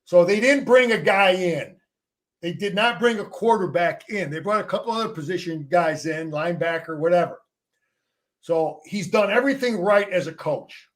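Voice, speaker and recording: A man's voice: high voice, normal speed. A middle-aged man, a former player and coach, talking football as a guest in an emphatic, salty way, often repeating words as he restarts his sentences. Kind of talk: casual sports talk.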